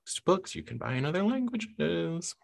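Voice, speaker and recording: A woman's voice: on the low side, very animated, moderate pace, creaky. A woman hosting a casual book podcast, chatty and upbeat as she leads questions and sign-offs. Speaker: podcast host.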